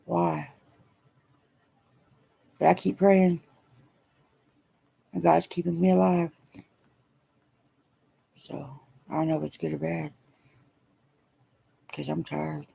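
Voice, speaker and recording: A middle-aged woman speaking haltingly and wearily in a personal video diary, emotional as she talks. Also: low-pitched, level tone, vocal fry, dark tone, husky. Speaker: vlogger.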